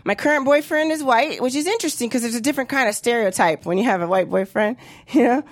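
High-voiced woman comic in her thirties, blunt. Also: fast talker. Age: 30s. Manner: blunt, profane, punchy delivery. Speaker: stand-up comedian. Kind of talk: stand-up comedy set.

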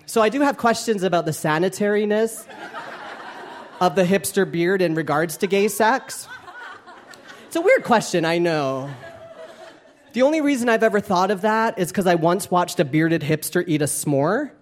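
Here a man with a high, expressive voice works through a stand-up routine at a moderate pace. He jokes at his own expense, keeps it playful, and laughs through many lines, all on a comedy club stage with a live audience laughing and room noise behind him.

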